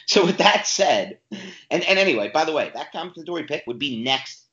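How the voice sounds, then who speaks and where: A man's voice: fairly high pitch, expressive, normal speed, pushed and bright, echoey room. A man co-hosting a sports podcast, ranting emphatically and with frustration in casual talk. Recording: dull lo-fi audio.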